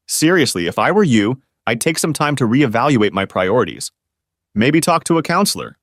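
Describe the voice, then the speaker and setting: Guy voicing a calm spirit guy, earnest advice, very dry audio. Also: medium pitch, normal speed, dry recording. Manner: earnest, questioning, advising. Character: calm spirit guide man, frank and earnest.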